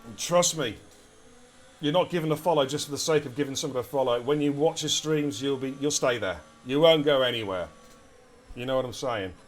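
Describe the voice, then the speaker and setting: Energetic English man commentating a race. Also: mid-range voice, a little fast. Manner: energetic, chatty, addresses chat directly. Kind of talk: live esports race commentary.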